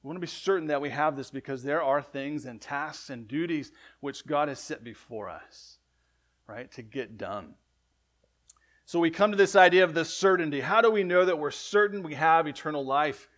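A man preaching a sermon in a conversational way, often asking "right?", correcting himself, and swinging between loud emphatic lines and quiet ones. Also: on the high side, expressive, moderate pace. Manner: conversational, frequent "right?" asides and self-corrections. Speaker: pastor.

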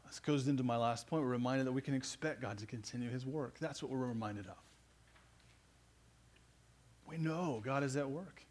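A man's voice: medium pitch, fairly quick, a little mellow. A man preaching a sermon as pastor, earnest and growing emphatic as he speaks.

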